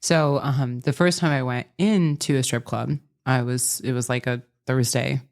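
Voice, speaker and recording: A woman's voice: very deep voice, steady tone, measured pace, vocal fry. A woman in her forties, a podcast guest telling her story in a chatty way, full of "like" fillers. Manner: chatty, heavy use of "like" fillers. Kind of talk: casual storytelling interview.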